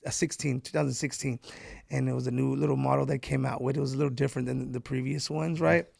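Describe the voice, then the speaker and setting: A man's voice: mid-range voice, steady tone, fast talker, gravelly, darkish tone, breathy edge, no room sound, clean studio sound. A man from Mexico, a podcast guest, telling stories casually with plenty of swearing and "bro". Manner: profane, emphatic, says "bro" often. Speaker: entrepreneur guest.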